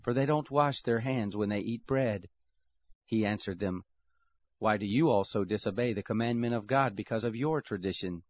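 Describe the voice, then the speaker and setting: Man, scripture reading, measured and steady, lowish voice, muffled lo-fi sound. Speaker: scripture reader. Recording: dull lo-fi recording.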